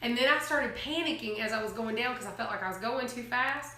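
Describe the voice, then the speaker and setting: Woman, lively storyteller, high bright voice, roomy sound. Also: brisk. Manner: animated storytelling, laughs often, acts out quotes. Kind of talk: casual chat.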